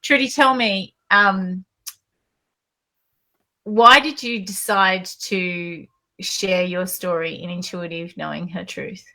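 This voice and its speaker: An enthusiastic woman hosts an online author interview, gushing warmly about her guests. Her voice is bright and forward. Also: fairly low pitch, steady tone, slow pace. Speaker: host. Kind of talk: interview chat.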